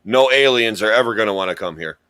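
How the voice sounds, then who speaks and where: A man who hosts a casual podcast and competes as a quiz contestant rambles through stories, joking at his own expense. His voice is fairly low, smooth and sharp-toned, and he talks fast.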